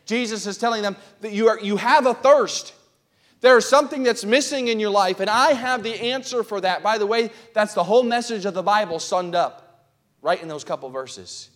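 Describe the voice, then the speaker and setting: A pastor preaching to his congregation in a notably high male voice. He builds his sermon into loud, impassioned cries and stops to check that his listeners are keeping up. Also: moderate pace. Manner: asks the congregation questions. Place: church.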